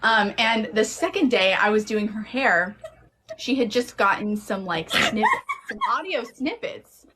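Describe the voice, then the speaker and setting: A woman hosts a relaxed chat, talking eagerly and breaking into laughter between thoughts. Her voice sits at a middle pitch, over a faint hiss. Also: a little slow. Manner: chatty, laughs easily, enthusiastic. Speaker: host. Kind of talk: casual chat.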